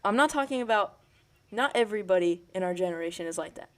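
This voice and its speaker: A young man co-hosting a casual podcast chat, hesitant and full of ums and pauses. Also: sits high, lively intonation, fairly bright tone, clear, resonant tone. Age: young adult. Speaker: podcast co-host.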